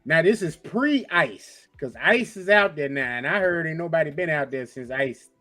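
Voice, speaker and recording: Lively high-voiced man. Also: moderate pace, soft background music. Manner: animated, repeats himself when cut off. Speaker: podcast co-host. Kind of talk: casual group chat.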